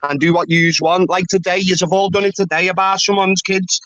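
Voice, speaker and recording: A man's voice: sits high, level tone, brisk, slight background noise, rough recording. Angry man swearing in a live-stream row. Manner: shouting insults, repeated demands. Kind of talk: heated argument on a live stream.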